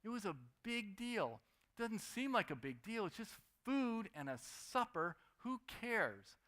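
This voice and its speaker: A young man preaching a sermon, lively, swinging between loud emphasis and quiet asides. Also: sits high, unhurried.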